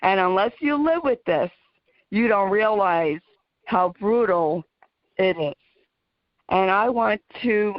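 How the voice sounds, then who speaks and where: A woman hosting a casual talk radio show, speaking earnestly and slowing down to stress her points. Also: mid-range voice, no room sound. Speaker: podcast host. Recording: dull lo-fi dry audio.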